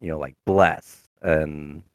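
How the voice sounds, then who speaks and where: A man's voice: extremely low pitch, fairly even intonation, slow pace, no room sound. A man chatting casually about his game character, rambling with many fillers and restarts. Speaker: tabletop game player. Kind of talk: casual chat.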